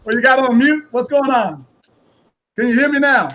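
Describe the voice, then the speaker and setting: A man hosting a live online interview show, chatty and quick to laugh, often repeating his words. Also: extremely high pitch, a bit bright, lo-fi sound. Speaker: talk show host.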